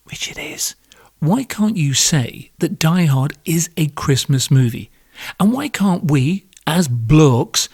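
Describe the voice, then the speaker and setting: A man's voice: on the high side, a little mellow, breathy edge, dry recording, clean studio sound. A man hosting a podcast, delivering a sarcastic comedic monologue that builds into sweary rants. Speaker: podcast host.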